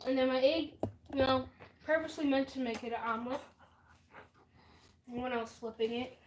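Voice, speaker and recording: A high-voiced woman cooks on a casual live stream from a home kitchen, playfully defending how her dishes turned out. A light hiss of noise runs underneath. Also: normal speed.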